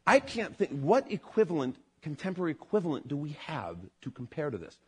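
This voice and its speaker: A man preaching a sermon as pastor, animated, building to loud emphatic peaks and then dropping low. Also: fairly quick, breathy edge.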